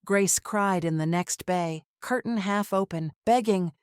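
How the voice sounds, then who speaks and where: A woman narrating a dramatic first-person story in measured, clipped phrases. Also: medium pitch, smooth, no room sound, clean studio sound.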